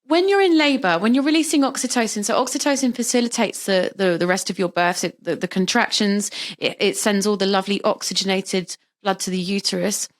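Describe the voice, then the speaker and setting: A middle-aged woman, a birth practitioner, talking casually as an interview guest and explaining with lively, vivid examples. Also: mid-range voice, brisk, hardly any pauses.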